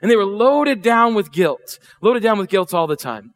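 A man's voice: high-pitched, animated, moderate pace. A middle-aged man preaching a sermon, chatty and full of questions to the congregation. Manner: conversational, asks the congregation questions, acts out voices. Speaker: pastor. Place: church.

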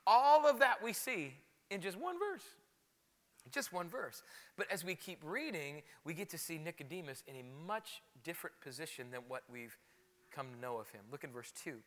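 A man preaching a sermon as pastor, animated and conversational, often repeating words for emphasis. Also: a little high, moderate pace, in a large hall.

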